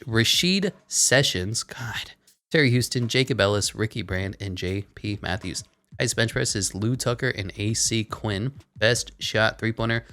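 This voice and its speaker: A man commentating over a basketball video game, sarcastic and deadpan, with quick offhand asides. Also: fairly low pitch. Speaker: gaming commentator.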